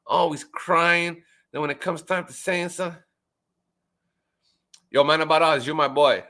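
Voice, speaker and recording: A man in a casual group chat, ranting loudly with constant swearing and stammered repeats, his pitch jumping whenever he gets riled up. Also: steady tone, unhurried. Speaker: chat participant. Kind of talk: casual profane rant.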